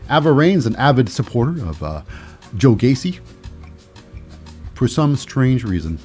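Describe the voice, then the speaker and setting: A man's voice: medium pitch, sing-song, a little slow, darkish tone, faint music behind. A man hosting a solo podcast, recapping in a rambling, wry way with many restarts. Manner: rambling, restarts, dry asides. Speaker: podcast host.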